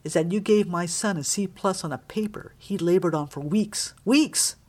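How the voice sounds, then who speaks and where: A woman's voice: fairly low pitch, normal speed, darkish tone, natural voice. A woman doing a blustering, bullying middle-aged man. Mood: angry. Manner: menacing, blustering.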